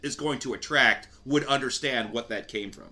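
A man's voice: medium pitch, normal speed, bright, forceful tone. A man hosting a podcast, chatting casually about a film and retelling its scenes. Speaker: podcast host. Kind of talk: casual movie review chat.

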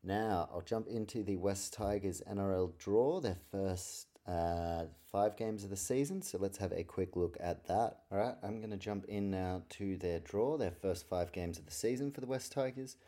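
Deep, mellow man rambling. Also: moderate pace, few pauses. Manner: rambling, swears a lot, easily sidetracked. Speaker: podcast host. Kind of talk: casual solo sports talk. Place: his room at night.

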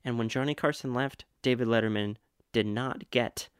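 A man's voice: medium pitch, steady tone, moderate pace, clear, resonant tone, no echo, clean studio sound. A young man co-hosting a casual podcast, rambling through facts with lots of restarts. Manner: rambling, self-correcting, fact-listing. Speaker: podcast co-host. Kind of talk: casual chat.

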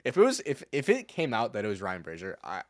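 Man, podcast host, low voice, rambling casual sports talk, dry close sound. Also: huge pitch swings, fast talker, dry recording. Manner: rambling, many restarts and fillers.

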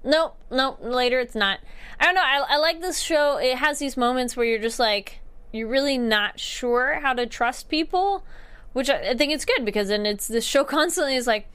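A young woman recapping a TV episode in a chatty, animated way, tripping over words and correcting herself. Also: on the high side, normal speed, clean tone. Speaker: TV show reviewer. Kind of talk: casual recap vlog.

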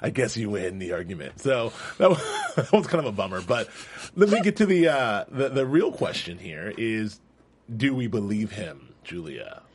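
A man's voice: medium pitch, moderate pace, slight background noise. A man hosting a casual TV recap chat, playful and teasing, leading the conversation. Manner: playful, teasing, with animated retellings. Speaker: host.

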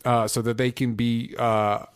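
A man's voice: medium pitch, little pitch movement, unhurried, clean tone, no room sound. A young man co-hosting a podcast in casual chat, enthusiastic while plugging his projects. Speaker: podcast co-host.

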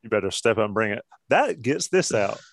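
A man's voice: fairly low pitch, sing-song, fairly quick, vocal fry, no room sound. A man hosting a casual sports podcast, joking around and steering the talk to the next topic. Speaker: podcast host.

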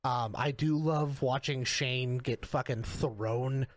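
A man's voice: mid-range voice, fairly even intonation, slow pace, no echo. A man co-hosting a podcast, chatting casually with lots of fillers and swearing. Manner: loose, filler-heavy, swearing. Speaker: podcast co-host. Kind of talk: casual chat.

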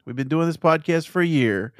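A man's voice: on the high side, fairly quick, no echo, clean studio sound. A man co-hosting a casual gaming podcast, reading news aloud in a playful, teasing way and laughing often. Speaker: podcast co-host.

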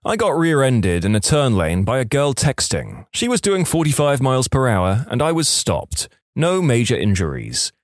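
A man narrating reader-submitted stories as a podcast host, in lively scripted storytelling with asides to the listener. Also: mid-range voice, moderate pace, no room sound, clean studio sound.

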